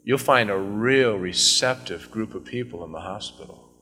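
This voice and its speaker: Bright-voiced male pastor preaching in a reverberant hall. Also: lowish voice, normal speed, soft background music. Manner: conversational preaching that swells into fervent scripture reading. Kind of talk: sermon.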